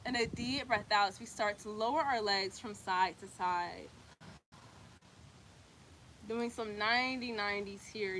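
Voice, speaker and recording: A woman's voice: medium pitch, a little slow, pauses often, background noise. A woman guiding a yoga class, cueing breaths and poses while doing them herself, a little out of breath, encouraging and casual. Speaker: yoga instructor.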